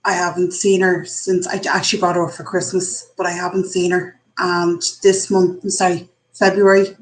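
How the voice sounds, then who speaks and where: A woman's voice: lowish voice, flat delivery, normal speed, poor audio. An Irish woman in her forties hosting a casual live stream from her kitchen, candid and chatty as she thinks aloud. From Ireland. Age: 40s. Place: home kitchen. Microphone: computer mic.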